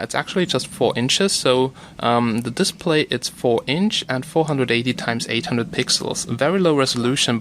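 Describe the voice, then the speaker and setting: رجل يتحدث بعفوية في فيديو فتح صندوق. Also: male voice, mid-range voice, fairly bright tone, slight background noise. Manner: chatty, loose, thinks aloud with fillers. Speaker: tech video host. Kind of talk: casual unboxing talk.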